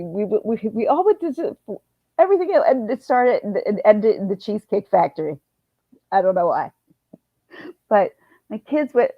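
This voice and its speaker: A woman's voice: fairly low pitch, no echo. A middle-aged woman, chatting casually on a livestream, rambling with many restarts. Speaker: livestream host. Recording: dull, dry lo-fi sound.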